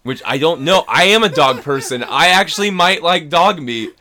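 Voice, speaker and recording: A man's voice: fairly high pitch, expressive, normal speed, sharp tone. A young man, an actor, chatting as a guest on a podcast, rambling, restarting his sentences and laughing as he tells stories. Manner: rambling, laughing, self-interrupting storyteller. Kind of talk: casual podcast chat.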